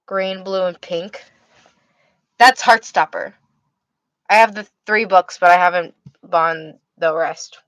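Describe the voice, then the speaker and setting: A woman's voice: fairly low pitch, slow, long pauses, a bit bright, dry recording, muffled recording. A tired young woman hosting a livestream, chatting casually and rambling with many restarts as she answers her chat. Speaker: livestream host reading chat.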